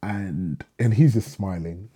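A young English guy with a low, dark voice and a husky edge appears as a guest writer on a podcast, casually telling a story. He's a lively narrator who acts out the dialogue and swears freely, and he takes his time.

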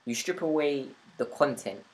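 A man's voice: a little high, lively intonation, normal speed, rough recording. A man, hosting a podcast interview in a reflective, earnest way with long flowing points. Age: 20s. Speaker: podcast host. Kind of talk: casual interview chat.

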